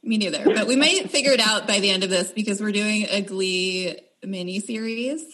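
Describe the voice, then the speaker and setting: A woman's voice: medium pitch, moderate pace, fairly bright tone. Woman podcast host, casual chatty delivery, filler-heavy, upbeat.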